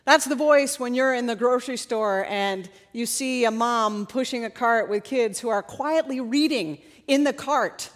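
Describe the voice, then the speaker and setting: A woman preaching a sermon and reading scripture, her delivery swinging from hushed to loud. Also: a little high, a little slow, few pauses, big-room sound.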